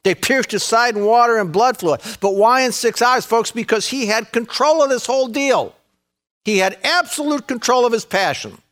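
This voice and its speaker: A man preaching a sermon in a folksy way, peppering his talk with "man" and "folks", swinging between raised excited passages and hushed, intense ones. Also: very high voice, moderate pace. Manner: folksy, says "man" and "folks", repeats words. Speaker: pastor.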